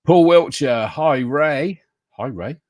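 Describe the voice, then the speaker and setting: A man's voice: on the high side, slow pace, darkish tone, dry recording, studio quality. A man hosting a live online show, greeting viewers by name and joking with his co-host. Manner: jokey, greets viewers by name, laughs often. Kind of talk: casual live show chat.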